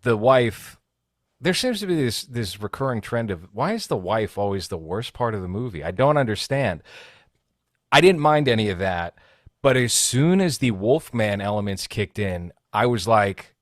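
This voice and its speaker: Brief: opinionated man in casual film chat, lowish voice, dry close sound. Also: sing-song, normal speed, no room sound. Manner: opinionated, blunt critiques. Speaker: podcast co-host. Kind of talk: casual movie review chat.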